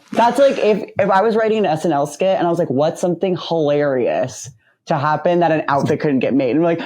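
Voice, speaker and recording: A podcast co-host with a mid-pitched voice, talking in casual chat. The story comes out animated, with the quoted back-and-forth acted out along the way. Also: fast.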